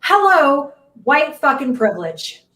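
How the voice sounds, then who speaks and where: A woman's voice: high voice, sing-song, measured pace, sharp tone, recorded from a distance. A female co-host of a live news show giving blunt, angry, profane commentary. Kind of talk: live online news talk. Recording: roomy, off-mic sound.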